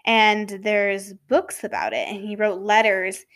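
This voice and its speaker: A woman hosts a casual talk about faith, speaking at an unhurried, drawn-out pace. She rambles, stops to correct herself and drifts into asides. Now and then her voice sinks to a soft whisper on a key word. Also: mid-range voice, fairly even intonation. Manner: sometimes drops to a soft whisper for emphasis. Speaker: podcast host.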